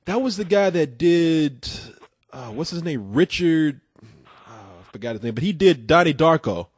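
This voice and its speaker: High, lively husky-voiced man hosting. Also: moderate pace, no echo, muffled recording. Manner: excitable storyteller, acts out scenes with loud bursts. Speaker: call-in show host. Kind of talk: casual call-in chat.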